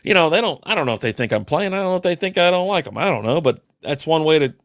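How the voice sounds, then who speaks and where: A man's voice: fairly high pitch, expressive, fast, no echo. An older man hosting a casual solo beer podcast, telling rambling, profane stories with dry asides. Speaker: podcast host.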